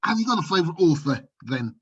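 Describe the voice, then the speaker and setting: A podcast host with a mid-pitched voice asks relaxed questions and laughs along with his guest. The audio sounds dull and muffled, like a remote call. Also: fast talker, husky. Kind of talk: casual podcast interview.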